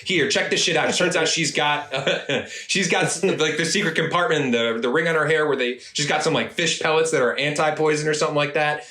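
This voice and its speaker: Bright-voiced man recapping a show, roomy. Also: on the high side, brisk, few pauses. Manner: laid-back storytelling, acts out characters' lines. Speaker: podcast co-host. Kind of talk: casual chat recapping anime episodes. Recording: roomy echo.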